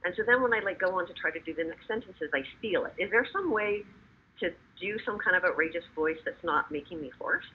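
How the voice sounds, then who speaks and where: A woman's voice: medium pitch, big pitch swings, a little fast, husky. A woman taking part in a webinar, talking casually and a little hesitantly. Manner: hesitant, self-conscious. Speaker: webinar participant. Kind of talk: casual storytelling. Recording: tinny phone-like call audio.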